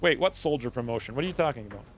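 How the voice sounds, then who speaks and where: A man's voice: mid-range voice, animated, racing, a little hiss or hum. Rambling, playful male game streamer. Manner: rambling, playful, thinks aloud. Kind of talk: casual gaming commentary.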